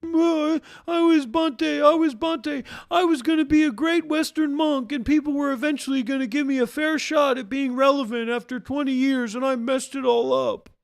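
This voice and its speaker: A whiny, self-pitying washed-up monk, as a man puts him on, moans in a voice pushed far above his usual pitch. The sing-song whine is mocking and overblown. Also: fairly even intonation, normal speed, gravelly, few pauses. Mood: whining.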